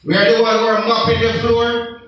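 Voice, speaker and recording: Jamaican guy lecturing young folks, real high voice, big echo and kinda far off from the mic. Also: completely flat delivery, brisk, fairly bright tone. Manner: preachy, emphatic, rhetorical questions. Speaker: speaker addressing young people. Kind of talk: impassioned motivational talk.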